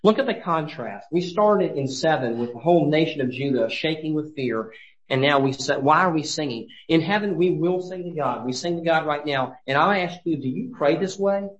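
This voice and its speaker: A man's voice: on the high side, lively intonation, normal speed, echoey room, lo-fi sound. A man preaching a sermon as pastor, earnest, with frequent restarts, rising to emphatic peaks.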